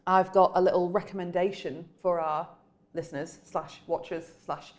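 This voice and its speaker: A woman co-hosting a casual chat podcast, animated and giggly, breaking into snatches of song, with her mic peaking when she gets loud. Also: fairly low pitch, moderate pace. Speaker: podcast co-host. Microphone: microphone peaking when loud.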